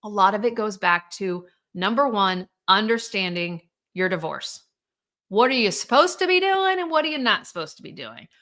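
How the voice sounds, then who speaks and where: Bright-voiced candid woman host. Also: mid-range voice, animated, normal speed. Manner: candid and blunt, acts out quoted voices. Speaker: divorce coach hosting a live show. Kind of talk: live talk to viewers.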